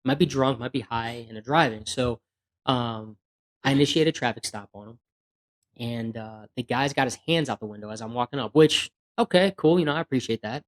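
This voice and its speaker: A man, a police officer, telling stories in a casual podcast chat, blunt and lively, acting out the quotes he retells. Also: mid-range voice, brisk. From USA.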